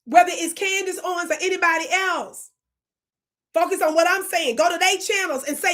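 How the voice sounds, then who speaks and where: Speaking at a normal speed, a woman with a very high, slightly bright voice runs her own channel. She delivers heated, sermonizing commentary that chides the audience, elongates words to stress them, and asks again and again if anyone is listening.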